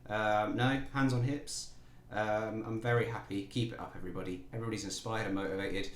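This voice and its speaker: A playful man chats through a football management game and teases his own players as he goes. His voice sits a little low, and the sound carries a roomy echo. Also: steady tone, fairly quick, slight background noise. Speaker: gaming YouTuber. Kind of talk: casual let's-play commentary.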